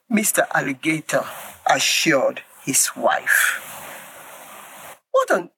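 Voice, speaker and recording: Slow, breathy woman reading children's stories. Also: sits low, dry recording. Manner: slow, gentle, with lively rises and falls. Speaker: children's storyteller.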